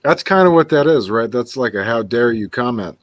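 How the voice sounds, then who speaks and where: A man's voice: medium pitch, animated, normal speed, no room sound. A man in a casual livestream chat, laid-back and blunt, laughing often and swearing.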